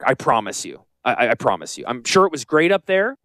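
A man's voice: mid-range voice, very animated, fairly quick, hardly any pauses, a bit bright, dry recording. A middle-aged man from Connecticut hosting a radio show, joking and rambling in casual talk. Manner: joking, rambling, self-deprecating. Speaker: radio show host and financial advisor.

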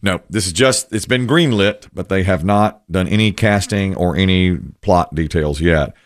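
Deep-voiced chatty male radio host. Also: normal speed, no echo. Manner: chatty, storytelling, opinionated. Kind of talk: casual entertainment chat.

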